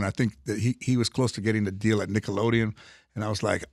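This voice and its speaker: Older guy, low gravelly voice, rambling storyteller, dry close mic. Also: fairly even intonation, quick pace, no room sound. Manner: rambling, many restarts and fillers. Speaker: comedian guest. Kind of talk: casual interview storytelling.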